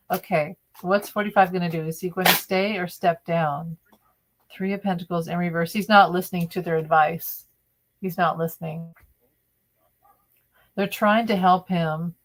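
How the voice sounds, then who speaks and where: Opinionated woman reading tarot cards. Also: fairly low pitch. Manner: conversational, opinionated, restarts often. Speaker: tarot reader. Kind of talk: live-stream tarot reading.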